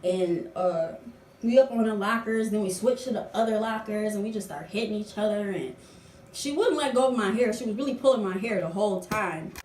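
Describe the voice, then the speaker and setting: A young adult woman telling a story in a casual vlog, animated and full of slang. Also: mid-range voice, a little fast, slight background noise. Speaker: vlogger. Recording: roomy echo, distant from mic.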